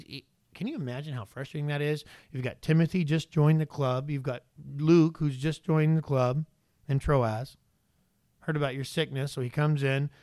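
A man's voice: on the high side, a little mellow, no room sound. A male pastor preaching a sermon in a conversational way, often turning to the congregation with rhetorical questions.

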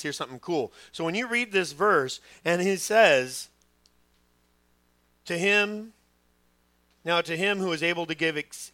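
A middle-aged man preaching a sermon as pastor, telling stories with lively quoted voices. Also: fairly high pitch, no room sound. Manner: animated storytelling, acting out quoted voices.

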